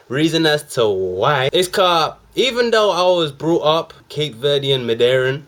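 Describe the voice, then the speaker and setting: A young man hosting a reaction video, talking in a casual, excited, slang-heavy way. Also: on the high side, a little slow, hardly any pauses, music in the background.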